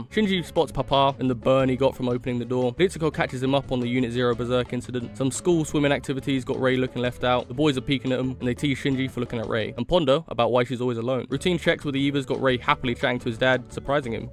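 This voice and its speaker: Fast-talking, cursing recap narrator. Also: male voice, mid-range voice. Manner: profane, slangy, wisecracking. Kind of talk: comedic voice-over recap.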